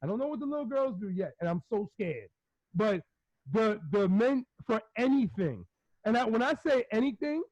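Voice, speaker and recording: High-voiced, animated storytelling man. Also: moderate pace, dry recording. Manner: animated, rambling storyteller who laughs often and acts out quotes. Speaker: podcast co-host. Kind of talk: casual chat. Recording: dry, slightly muffled podcast recording.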